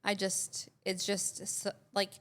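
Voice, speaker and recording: Woman co-host, chatty storyteller, mid-pitched, from southern Albania. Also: completely flat delivery, slow, fairly bright tone. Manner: rambling storyteller who acts out quotes. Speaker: podcast co-host. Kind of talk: casual chat.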